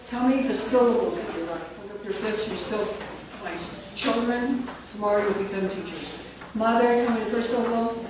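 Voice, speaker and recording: A woman leading a phonics workshop for teachers, slowly dictating words and sounding each one out. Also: mid-range voice. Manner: slow, deliberate, sounds words out. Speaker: teacher trainer. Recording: echoey, distant, noisy room recording.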